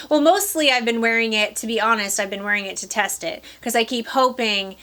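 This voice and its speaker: Bright-voiced chatty woman from Michigan's Upper Peninsula. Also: a little high, moderate pace. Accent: Upper Peninsula Michigan (Yooper). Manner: chatty, enthusiastic, addresses viewers directly. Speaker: perfume vlogger. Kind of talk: casual product review to camera.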